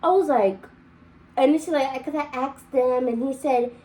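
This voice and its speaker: A woman's voice: sits high, normal speed, warm tone, poor audio. Chatty young woman telling a story. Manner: rambling, repeats and restarts often. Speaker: vlogger. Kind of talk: casual storytime.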